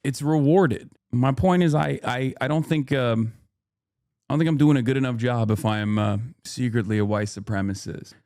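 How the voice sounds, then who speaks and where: A man's voice: mid-range voice, moderate pace, darkish tone, no room sound, clean studio sound. A man hosting a livestream in casual commentary, talking bluntly with plenty of swearing, thinking aloud and arguing back at his chat. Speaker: livestream host.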